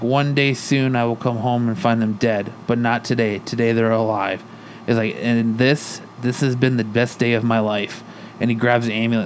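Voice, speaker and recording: Casually narrating a comic book story on the podcast he co-hosts, a man speaks the characters' lines in his own voice. His pitch is medium, and the audio carries a little hiss or hum.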